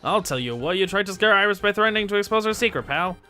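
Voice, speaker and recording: A man voicing a gruff, blustering male police detective with a vague put-on accent. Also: high-pitched, lively intonation, quick pace, pushed and bright, soft background music. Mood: accusing. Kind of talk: game dialogue read-along.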